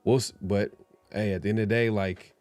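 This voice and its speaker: A man's voice: fairly low pitch, steady tone, fairly quick, darkish tone, dry recording. A man co-hosting a casual sports talk show, laid-back and repeating himself often. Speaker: co-host.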